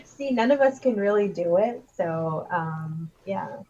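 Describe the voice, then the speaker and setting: A woman's voice: mid-range voice, expressive, a little slow, warm tone, a little hiss or hum. A woman co-hosting a casual livestream chat, rambling and giggly as she riffs on ideas. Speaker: co-host. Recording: dull lo-fi stream audio.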